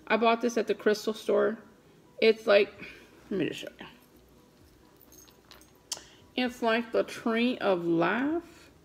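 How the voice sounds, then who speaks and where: Animated woman vlogging. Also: a little high, vocal fry. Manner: animated, dramatic storytelling. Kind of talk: casual vlog chat. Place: at home.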